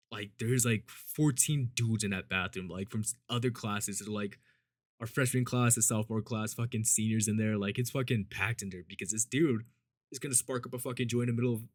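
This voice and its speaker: A man's voice: moderate pace, no room sound, clean studio sound. A man telling a story in casual, rambling speech, swearing often and filling gaps with "like" and "you know". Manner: acts out quoted people with shifts in pitch and loudness.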